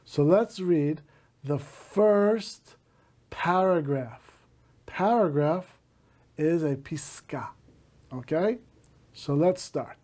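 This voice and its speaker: A male teacher slowly reading a story aloud to a class, stopping to gloss words in Hebrew. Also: on the high side, expressive, darkish tone.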